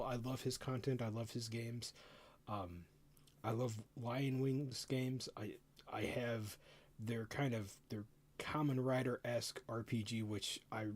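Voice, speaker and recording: Excitable stammering middle-aged man. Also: medium pitch. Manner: excitable, stammers and repeats words. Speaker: streamer reviewing a game rulebook. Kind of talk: casual live-stream commentary.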